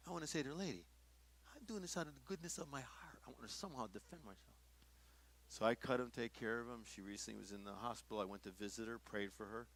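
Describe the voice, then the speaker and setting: An older man and pastor, teaching a workshop audience in a sermon style and telling stories in which he acts out the dialogue. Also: mid-range voice. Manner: storytelling, acting out dialogue with shifts in loudness.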